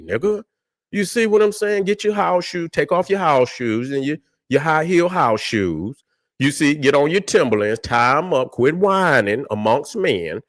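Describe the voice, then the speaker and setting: A man with a voice on the high side hosts a livestream, preaching in a combative, profane style and repeatedly saying "you see what I'm saying." The audio is studio quality with no echo.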